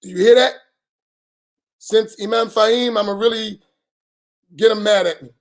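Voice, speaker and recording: A middle-aged imam, giving an emphatic post-dawn-prayer talk full of rhetorical questions and bursts of raised voice. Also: male voice, high voice, fairly even intonation, normal speed. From United States.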